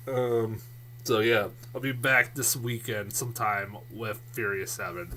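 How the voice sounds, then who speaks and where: A man casually reviewing movies in a vlog, rambling and excitable, swearing a lot and restarting his sentences often. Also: fairly low pitch, measured pace, slight background noise. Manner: many fillers and restarts.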